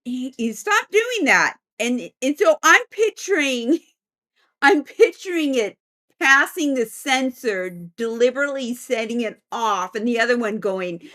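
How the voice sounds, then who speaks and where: A middle-aged woman, a psychic medium, telling a story in a casual interview as an animated storyteller who laughs often. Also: a little high, a little slow.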